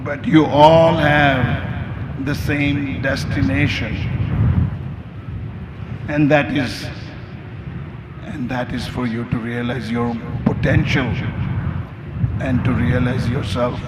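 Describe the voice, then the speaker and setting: A man speaking as Mother Nature, a gentle all-loving female spirit, in a slow, solemn stage monologue over a noisy live recording. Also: medium pitch, fairly even intonation, reverberant, close to an everyday voice. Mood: tender, solemn.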